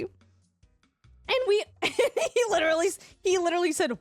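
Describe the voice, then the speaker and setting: High animated woman streamer. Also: takes it slowly, pauses often, no room sound, faint music behind. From Canada. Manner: animated, laughs often while telling the story. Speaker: livestreamer. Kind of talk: casual storytelling chat.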